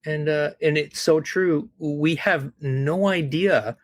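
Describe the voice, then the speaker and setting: As a podcast guest, a man tells stories in an earnest, heartfelt way, often repeating words and checking in with "right?". His voice is on the high side and slow, in a dry recording.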